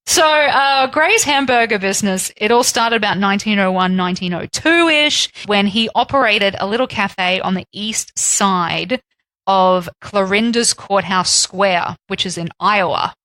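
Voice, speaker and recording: A woman's voice: mid-range voice, measured pace, a bit bright, no echo, rough recording. A woman co-hosting a casual podcast, chatty and often laughing. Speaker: podcast co-host. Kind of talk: casual chat.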